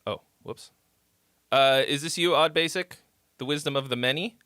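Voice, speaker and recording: A man's voice: fairly high pitch, normal speed, sharp tone, clear, resonant tone, dry recording, clean studio sound. A man hosting a live stream where he critiques fans' songs, chatting loosely, swearing and reacting on the fly. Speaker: livestream host critiquing fan songs. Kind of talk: casual live-stream chat.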